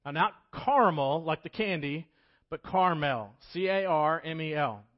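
A man preaching a casual storytelling sermon as pastor, talking conversationally and swinging between loud emphasis and hushed moments. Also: on the high side, normal speed, highs cut off.

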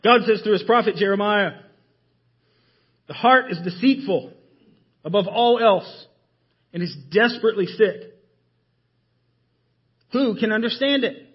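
A man preaching a sermon in a church, emphatic and full of rhetorical questions, often dropping his voice low to stress a point. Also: unhurried, pauses often, husky, dull audio. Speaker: pastor. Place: church sanctuary.

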